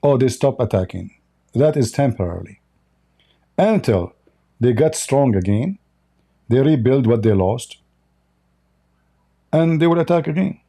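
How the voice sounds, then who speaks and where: A man's voice: mid-range voice, lively intonation, a little slow, pauses often, warm tone. A man hosting a livestream of political commentary, blunt and opinionated, often restarting his sentences. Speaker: commentary channel host.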